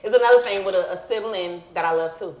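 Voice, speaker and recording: Animated woman host in an echoey room. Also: mid-range voice, quick pace. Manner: animated storyteller, laughs often, acts out calls. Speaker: podcast host. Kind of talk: casual chat. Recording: echoey room with faint noise.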